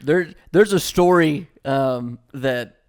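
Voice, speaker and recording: A young man with a gravelly, creaky voice chats as a podcast guest. He rambles through his stories, full of fillers and little giggles. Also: on the high side, slow. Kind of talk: casual podcast chat.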